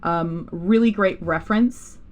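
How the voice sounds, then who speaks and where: A woman's voice: on the low side, measured pace, a little mellow, lo-fi sound, a little hiss or hum. A woman teaching a digital painting class on a livestream, rambling and stopping herself often with fillers. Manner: rambling, self-interrupting, with many fillers. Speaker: art instructor. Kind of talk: live digital painting tutorial.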